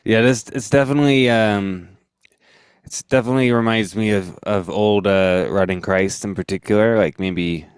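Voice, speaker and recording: Male podcast guest, deep smooth voice, dry sound, rambling and relaxed. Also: normal speed, no echo. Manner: rambling, many fillers, laughing easily. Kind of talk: casual music chat.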